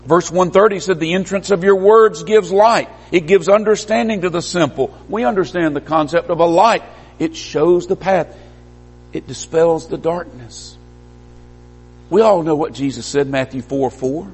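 A man preaching a sermon, emphatic, swinging from stressed peaks to quiet low lines. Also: slightly rough. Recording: long hall reverb.

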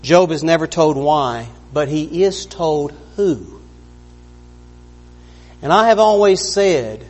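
High-voiced preacher in a reverberant hall. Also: male voice, a little mellow. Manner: earnest, conversational, acts out quoted lines. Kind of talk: sermon. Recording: long reverb of a large hall.

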